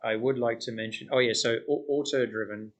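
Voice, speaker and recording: A man's voice: medium pitch, steady tone, a little fast. A man chatting casually about films on a podcast, agreeable, often chiming in with short remarks. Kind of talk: casual film podcast chat.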